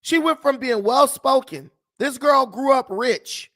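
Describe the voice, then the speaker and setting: A man's voice: extremely high pitch, unhurried, sharp tone. A man hosting a political commentary vlog, talking in mocking, scornful asides. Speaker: commentary host.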